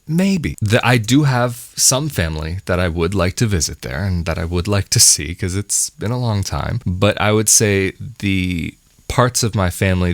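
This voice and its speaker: A man's voice: low voice, no room sound. A young American man from the West Coast, talking to camera in a thoughtful, musing vlog and correcting himself as he goes. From West Coast of the United States. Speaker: vlogger. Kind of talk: reflective solo talk to camera.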